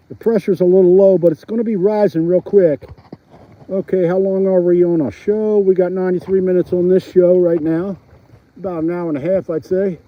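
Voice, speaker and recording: A middle-aged man with a Philadelphia accent, chatting casually to viewers of his livestream while ice fishing outdoors, laughing often, recorded on a phone strapped to his chest. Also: high-pitched. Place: outdoors on a frozen lake, windy. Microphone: phone mounted on his chest. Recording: dull, slightly lo-fi phone audio.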